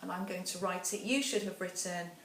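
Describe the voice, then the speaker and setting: A woman teacher giving a phonics dictation lesson, counting down and sounding out words slowly and patiently. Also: fairly low pitch, fairly even intonation, a bit bright. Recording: echoey room, voice a bit far from the mic, faint background noise.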